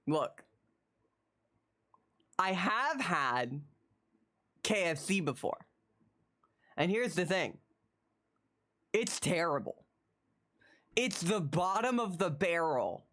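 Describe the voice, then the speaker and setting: With a medium-pitched voice, a US live streamer chats with the audience from home. Expect rambling, stammering and repeated phrases, plus animated laughter whenever chat gets teased.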